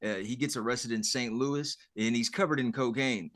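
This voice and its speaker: A man's voice: medium pitch, moderate pace, a bit bright, no echo, studio quality. A man co-hosting a podcast in casual chat, easygoing and rattling off details as he recaps a show. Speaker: podcast co-host.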